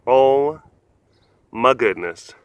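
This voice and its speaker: A man hosting a casual vlog outdoors at an animal compound, rambling playfully with lots of fillers and cooing softly at the animals. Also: mid-range voice, expressive, very slow, no echo, lo-fi sound. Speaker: host.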